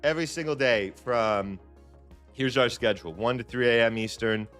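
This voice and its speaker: A man's voice: mid-range voice, normal speed, fairly bright tone, faint music behind. A man hosting a live trading stream in a loose, chatty way, repeating phrases and restarting his sentences. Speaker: livestream trading host. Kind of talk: casual live-stream chat.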